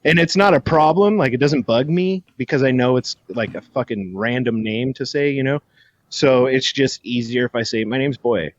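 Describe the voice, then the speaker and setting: A man's voice: medium pitch, normal speed, lo-fi sound. A man from California, a podcast guest, telling stories in casual chat, acting out voices and swearing freely. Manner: animated storyteller, acts out voices, swears freely.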